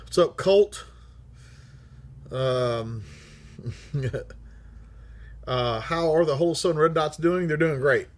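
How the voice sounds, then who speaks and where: A man's voice: on the high side, slow pace, long pauses. A middle-aged man hosting a livestream, reading viewer comments aloud in a blunt, profane manner and laughing often. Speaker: livestream host.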